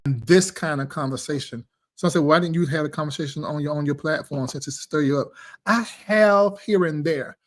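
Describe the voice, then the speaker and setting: A man's voice: fairly high pitch, a little fast. A man hosting a casual live-stream chat, talking in a blunt, emphatic, preachy way. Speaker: live show host.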